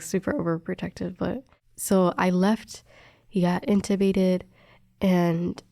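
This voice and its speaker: A woman's voice: lowish voice, vocal fry, no echo, clean studio sound. Chatty young woman telling a story. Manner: animated, acts out quoted dialogue, many fillers. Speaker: respiratory therapist telling a story. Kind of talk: casual storytelling chat.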